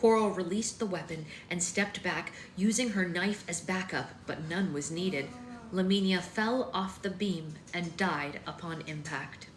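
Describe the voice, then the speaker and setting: A woman's voice: fairly low pitch, unhurried. Woman reading a story aloud, echoey room. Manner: reads steadily, breaks into chatty asides. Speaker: book club host reading aloud. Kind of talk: live-stream read-aloud. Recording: echoey room with faint noise.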